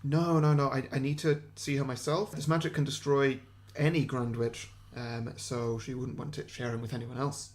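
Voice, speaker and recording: A man voicing a clever, cornered woman who bargains urgently and stammers a little, in a podcast story pitch. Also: fairly even intonation, normal speed, hardly any pauses, a little mellow, lightly acted.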